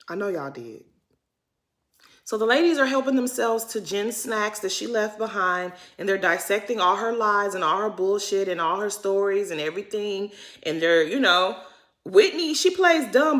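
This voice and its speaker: A woman in the middle of her usual range rattles through a casual reality-TV recap. She talks straight to her viewers in a chatty, slangy, dramatic way. She jumps between punchy emphasis and quiet, muttered asides. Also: mid-range voice. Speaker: recap vlogger.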